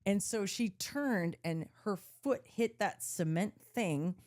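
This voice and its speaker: A woman's voice: mid-range voice, slow. A woman podcast host telling a story in casual chat, acting out what people said, swearing and laughing often. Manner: animated, acts out quotes, swears, laughs often.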